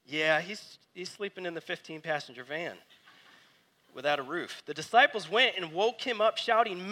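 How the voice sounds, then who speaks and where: Pastor, male, 30s, high bright voice, animated sermon delivery. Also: normal speed.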